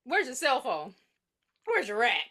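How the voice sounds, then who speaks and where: A woman with a bright, fairly high voice retells a movie plot for a podcast. Her pitch swings widely as she acts out each character. The chat is loose and full of swearing. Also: a little slow. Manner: animated, profane retelling that acts out the characters' lines. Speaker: podcast co-host. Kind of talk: casual movie review chat.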